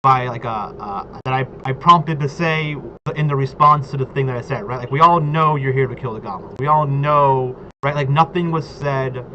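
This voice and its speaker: A man's voice: medium pitch, moderate pace, hardly any pauses, sharp tone. Guy rambling about roleplay, says like and right a lot, muffled audio. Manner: rambling, fills talk with "like" and "right?". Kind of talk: casual chat about tabletop role-play. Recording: dull lo-fi audio with clear background noise.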